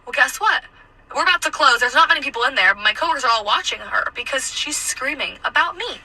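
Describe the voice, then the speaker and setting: A woman's voice: sits high, lively intonation, fast talker, pushed and bright, a little hiss or hum, rough recording. A woman in her twenties, a waitress, telling her own story casually and acting out the other people's voices.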